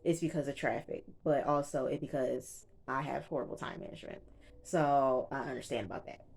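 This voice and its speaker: Young woman recapping a tv episode, low voice, chatty and slangy. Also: fairly quick, creaky, a little mellow, slightly rough. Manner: chatty, slangy, retells scenes with quoted dialogue. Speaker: TV recap vlogger.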